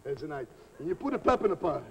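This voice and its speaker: An actor playing a boisterous middle-aged Italian cook in a live TV comedy sketch, with a mock Italian accent and broken English mixed with Italian-sounding double-talk. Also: male voice, a little high, very animated, rapid-fire, creaky, muffled recording, a crowd in the background. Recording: scratchy hissy 1949 television recording.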